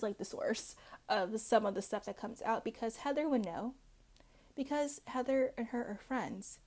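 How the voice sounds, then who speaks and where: Chatty woman with a gravelly fry. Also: a little high, takes it slowly, pauses often, darkish tone. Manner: chatty, peppered with "like" and "um". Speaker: reality TV recap host. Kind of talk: casual recap chat.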